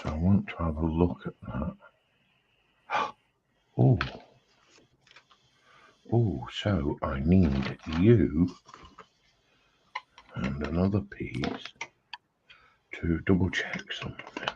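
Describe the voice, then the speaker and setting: A man's voice: very deep voice, expressive, takes it slowly, long pauses, darkish tone, lo-fi sound, slight background noise. A British man streaming a casual chat while building a model, laid-back and jokey.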